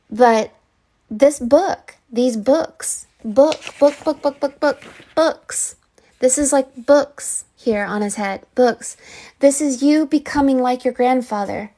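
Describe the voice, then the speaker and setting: A woman's voice: a little high, warm tone. A woman giving a live psychic reading, earnest and rambling, with many fillers and restarts. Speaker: psychic reader.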